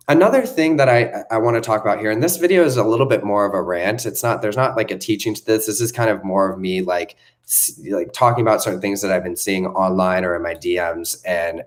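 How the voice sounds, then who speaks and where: A young man with a fairly low voice rants as a self-help coach, speaking off the cuff. He talks emphatically, piles up repeated phrases and swears freely. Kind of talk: unscripted motivational rant.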